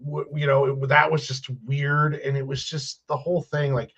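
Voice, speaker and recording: A man's voice: a little high, little pitch movement, normal speed, fairly bright tone. A man chatting on a podcast, rambling and restarting his sentences with an exasperated tone. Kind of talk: casual chat. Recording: muffled lo-fi audio.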